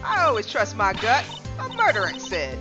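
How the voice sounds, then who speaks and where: A woman voicing a brash, nosy Southern woman photographer in a put-on Southern US accent, loud and pushy. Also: on the high side, wildly swooping pitch, normal speed. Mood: gleeful. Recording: dull audio with game music.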